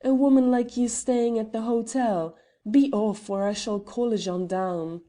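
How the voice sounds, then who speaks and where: A gruff, dismissive middle-aged hotel porter voiced by a woman narrator speaks in a mellow, warm tone. He is brusque and impatient in this audiobook scene. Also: on the high side, steady tone, a little slow, close to an everyday voice. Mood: gruff scorn.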